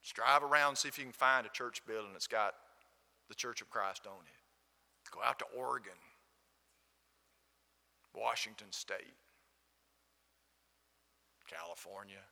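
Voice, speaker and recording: A man's voice: lowish voice, measured pace, vocal fry, long pauses, sharp tone. A man with a Southern accent from Alabama, preaching a sermon and telling a story, asking the congregation questions. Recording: long hall reverb.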